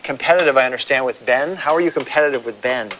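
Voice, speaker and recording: A man's voice: medium pitch, quick pace, a bit bright. A man hosting a late-night talk show, teasing his guest with playful banter. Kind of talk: joking late-night interview. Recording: dull lo-fi archival TV audio with noise.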